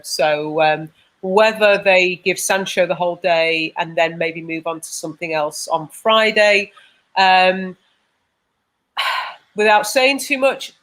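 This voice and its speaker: A woman hosting a live podcast, pausing often with ums as she reads out viewer comments. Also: lowish voice, a bit bright. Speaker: podcast host.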